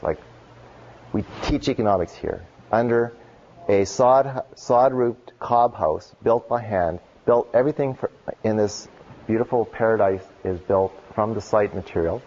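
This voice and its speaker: A man giving a keynote talk at a conference, telling stories casually with lots of "like" and acting out the voices of the people he quotes. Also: on the low side. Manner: animated storyteller, acts out quoted voices, casual "like" fillers. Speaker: keynote speaker. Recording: dull lo-fi conference recording.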